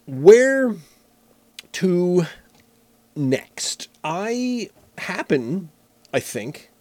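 A man's voice: high-pitched, big pitch swings, extremely slow, darkish tone, dry recording. A man casually reviewing beer alone, rambling and joking with frequent restarts. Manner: rambling, self-correcting, jokey. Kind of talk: casual solo talk.

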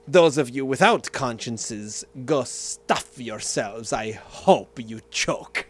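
A man putting on the voice of a stern, contemptuous Russian conductor, speaking slowly with a put-on Russian accent. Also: animated, a bit bright. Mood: scornful. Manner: slow, low, menacing delivery.

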